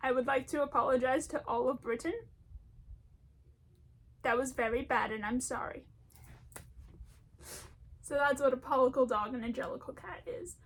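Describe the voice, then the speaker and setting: A woman's voice: high-pitched, moderate pace, pauses often. A woman talking in a casual, rambling commentary, chatty and self-deprecating, often breaking into laughter. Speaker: video essayist.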